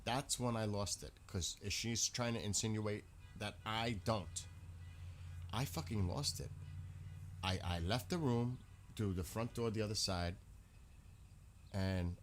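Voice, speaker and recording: Male streamer, low voice, casual rambling chat to viewers. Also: takes it slowly, pauses often, a little hiss or hum. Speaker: live streamer.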